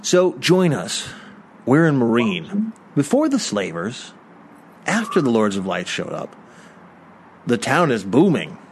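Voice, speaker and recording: A man's voice: medium pitch, wildly swooping pitch, slow pace, long pauses, slight background noise. A man bantering playfully with friends while playing a video game. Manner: playful, joking. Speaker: gamer. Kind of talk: casual let's-play banter.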